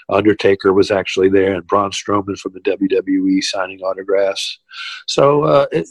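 A man's voice: low voice, breathy edge, no echo, poor audio. A man, telling old stories in a casual interview, full of "you know" fillers. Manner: rambling, many "you know" fillers, laughs at own stories. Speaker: podcast guest, retired wrestler.

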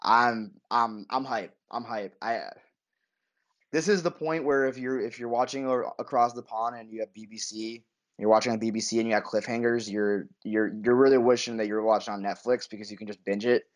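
A man on a casual podcast, excitedly recapping a TV episode and acting out lines in high voices. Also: brisk. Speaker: podcast co-host.

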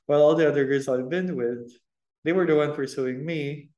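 A man's voice: a little high, fairly even intonation, moderate pace, a little mellow, roomy sound, dull audio. A man co-hosting a podcast, talking earnestly about dating with frequent ums. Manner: earnest, hesitant with ums, laughs often. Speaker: podcast co-host, boyfriend of host. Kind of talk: casual relationship chat.

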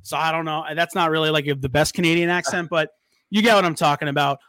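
Bright-voiced hyped podcast host man. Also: on the high side, fast talker, no room sound, studio quality. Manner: excited, hyped promo talk. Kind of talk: casual chat.

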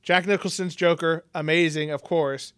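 Laid-back man with a smooth voice. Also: a little high, steady tone, moderate pace, a bit bright, no room sound, studio quality. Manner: laughs often, swears casually, rambling with fillers. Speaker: podcast co-host. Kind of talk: casual chat about movies.

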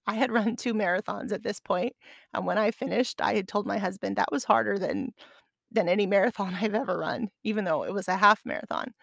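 A woman's voice: medium pitch, moderate pace, gravelly, fairly bright tone, no echo, studio quality. A middle-aged woman hosting a podcast, telling a personal story in a chatty, self-deprecating way and laughing as she goes. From Arizona. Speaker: podcast host. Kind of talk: casual storytelling monologue.

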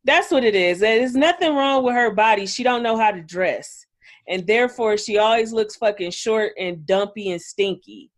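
A woman's voice: mid-range voice, normal speed. A woman co-hosting a reality-TV recap podcast over a call, sassy, foul-mouthed and cutting. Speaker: podcast co-host. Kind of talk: casual reality-TV recap chat. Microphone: remote call.

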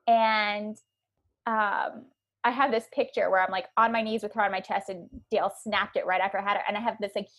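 A woman in her thirties tells her birth story casually and animatedly. Her voice sits at an ordinary middle pitch, and her talk is full of likes and ums. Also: steady tone, brisk, fairly bright tone. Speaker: podcast guest.

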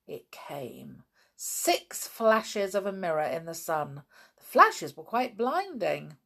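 A woman's voice: fairly low pitch, very animated, takes it slowly, vocal fry, sharp tone. A woman reading a children's book aloud, with chatty asides to her listeners. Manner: chatty, informal asides between passages. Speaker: storyteller.

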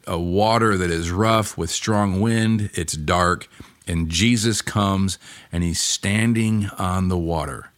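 A man teaching on a Bible passage for his podcast, earnest and unhurried, often restarting his sentences. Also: sits low, no echo. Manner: slow, earnest, with many restarts and pauses.

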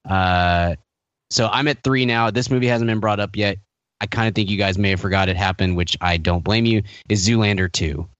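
A man's voice: lowish voice, moderate pace, a bit bright, dry recording, muffled recording. A man co-hosting a podcast in casual chat, wry, laughing often, rambling with restarts. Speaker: podcast co-host.

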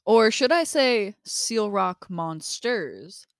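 A woman's voice: medium pitch, sing-song, drawn-out words, gravelly, dry recording, studio quality. A woman co-hosting a podcast in casual chat, upbeat, laughing often and reading from her notes. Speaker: podcast co-host.

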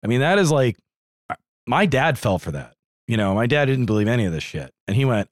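A man's voice: medium pitch, big pitch swings, brisk, dry recording, clean studio sound. A man co-hosting a wrestling podcast in casual, jokey, digressive chat. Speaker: podcast co-host.

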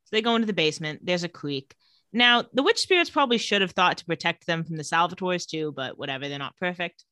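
Female co-host, lower register, chatty episode recapper, dry close sound. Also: animated, sharp tone, dry recording. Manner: retells scenes with quick quotes and laughter. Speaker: podcast co-host.

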